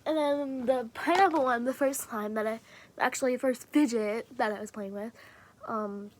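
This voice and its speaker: High-pitched girl vlogging about her fidgets, rambly and sweary, keeps slipping into whispers. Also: normal speed. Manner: rambling, loose and profane, often dropping into a whisper. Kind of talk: casual chat to camera.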